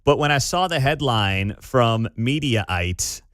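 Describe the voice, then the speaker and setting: Opinionated morning radio host, animated delivery, close dry booth sound. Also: male voice, mid-range voice, no echo. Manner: animated, opinionated, quick laughs. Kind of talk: morning talk radio commentary. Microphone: studio microphone.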